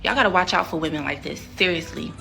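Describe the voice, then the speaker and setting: A woman's voice: lowish voice, quick pace, vocal fry, sharp tone, faint music behind. Sassy, indignant woman ranting. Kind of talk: reaction rant.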